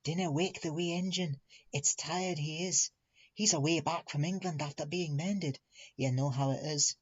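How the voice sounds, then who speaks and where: A man voicing a touchy male engine with a Scottish accent, talking hoarsely and low. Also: huge pitch swings, moderate pace, heavily acted. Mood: hushed. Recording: muffled recording with soft music.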